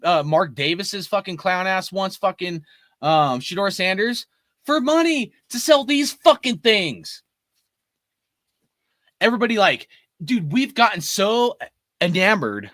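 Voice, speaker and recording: A man in his forties delivers a heated, profane fan rant. His voice sits high and bright and swings widely as he gets worked up. The sound is dry and close. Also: no room sound. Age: 40s. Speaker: sports fan commentator. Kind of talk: ranting fan commentary.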